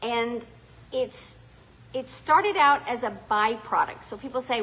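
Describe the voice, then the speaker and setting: Middle-aged South African woman, winery owner, chatty storyteller, bright voice. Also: fairly high pitch, expressive, takes it slowly, low-quality recording. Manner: chatty, rambling, with frequent ums and restarts. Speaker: winery and distillery owner giving a tour. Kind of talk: casual storytelling to visitors. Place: inside a small distillery.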